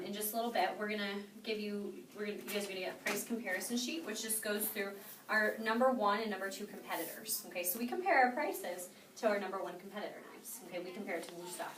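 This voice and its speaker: A woman's voice: medium pitch, quick pace, noisy background. A young woman leading a sales training class, upbeat and constantly quizzing her trainees with "okay?". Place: training room with a group. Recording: echoey room, mic far off.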